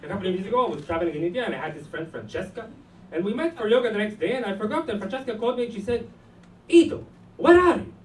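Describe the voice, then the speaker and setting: A man's voice: high-pitched, very fast. A man with an Israeli accent performing a punchy stand-up set in a comedy club, with audience laughter behind him. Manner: animated, punchy delivery. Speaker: stand-up comic. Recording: roomy club sound from a distance.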